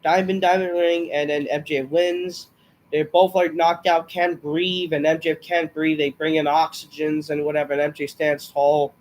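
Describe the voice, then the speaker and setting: A man's voice: fairly high pitch, level tone, normal speed, darkish tone. A man reviewing a wrestling show in a rambling, frustrated rant, swearing often and sighing, unwell and short of breath. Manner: profane, frustrated, rambling with sighs.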